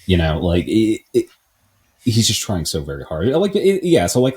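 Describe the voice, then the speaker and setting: A man's voice: fairly low pitch, fairly quick. A man co-hosting a film podcast, joking and self-deprecating in a casual chat. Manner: jokey, self-deprecating, lively. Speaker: podcast co-host. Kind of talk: casual movie discussion.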